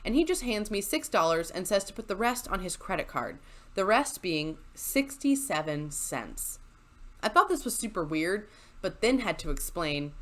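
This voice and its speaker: With big pitch swings in a mid-range, fairly bright voice, a woman reads a story at normal speed into a desk mic. She's a YouTuber who tells stories chattily and sarcastically, with asides, frequent laughs and a squeaky chair at her home desk.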